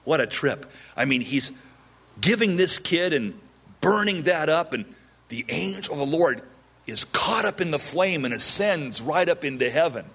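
A man preaching verse by verse, animated and humorous, acting out the people in the story. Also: a little high, normal speed, breathy edge. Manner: animated, acts out voices of characters with humor. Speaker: pastor. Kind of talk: expository Bible teaching.

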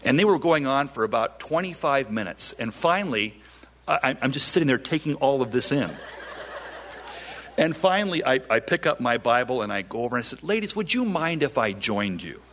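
A man's voice: mid-range voice, a little fast, a little hiss or hum. Middle-aged male pastor telling a story. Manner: animated, repeats his words. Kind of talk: storytelling sermon.

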